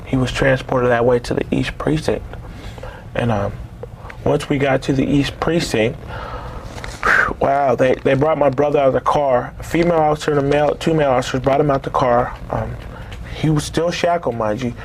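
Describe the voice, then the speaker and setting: A man in his forties telling a personal story in a halting way, with many fillers and restarts. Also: mid-range voice, darkish tone, slight background noise.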